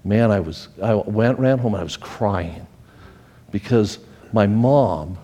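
A man's voice: fairly low pitch, slow pace, warm tone, in a large hall. A male pastor preaching a sermon, telling a personal story with feeling and often repeating and restarting his phrases.

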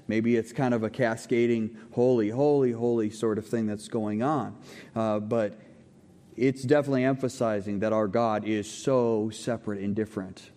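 A man's voice: mid-range voice, darkish tone. A man preaching a conversational teaching sermon in a church, asking the congregation questions and checking in with frequent okays. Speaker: pastor. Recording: long hall reverb.

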